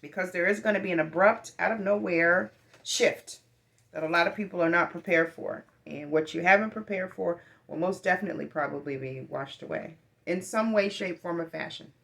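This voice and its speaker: Here is a woman with a fairly low voice speaking casually to her viewers. She rambles, with many "um"s, and stays earnest and encouraging throughout. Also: moderate pace, gravelly, fairly bright tone. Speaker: vlogger giving life advice. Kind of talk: casual monologue.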